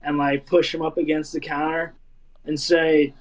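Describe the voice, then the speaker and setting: A man describing his character's actions in a tabletop game, in a deliberate, plain way. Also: a little high, level tone, rough recording. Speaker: player.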